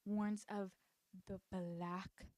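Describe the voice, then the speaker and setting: This YouTube recap commentator talks through a TV show casually for her channel, sarcastic and swearing freely, and she slips into quick character voices. Her voice is medium-pitched, level and darkish, recorded dry.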